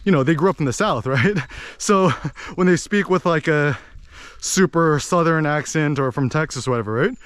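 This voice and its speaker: A man giving a rambling, animated casual monologue as a podcast host. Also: a little high, moderate pace, clear, resonant tone, dry recording. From United States. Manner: animated, rambling, with many fillers.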